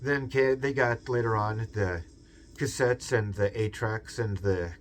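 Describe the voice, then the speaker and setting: A man's voice: lowish voice, a little slow, a little hiss or hum. A man with a Seattle accent hosting a video essay in a rambling, digressive monologue full of fillers, musing aloud. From US West Coast.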